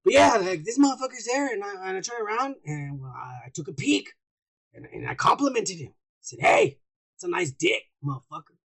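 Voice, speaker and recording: A high-pitched man with a gravelly, husky voice, hosting a podcast. He tells crude stories loudly, full of profanity. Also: expressive, a little fast. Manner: loud, crude storytelling. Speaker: podcast host. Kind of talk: profane casual banter.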